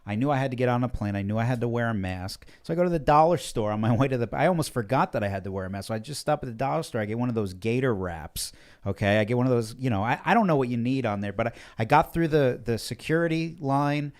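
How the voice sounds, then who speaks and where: Fast-talking animated male storyteller. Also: medium pitch. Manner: fast, emphatic, sarcastic. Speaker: guest.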